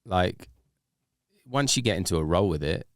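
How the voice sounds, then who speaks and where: Low smooth guy rambling on a podcast, lots of likes, dry close sound. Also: lively intonation, moderate pace, no echo. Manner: rambling, many "like"s and restarts. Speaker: guest DJ. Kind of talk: casual podcast chat.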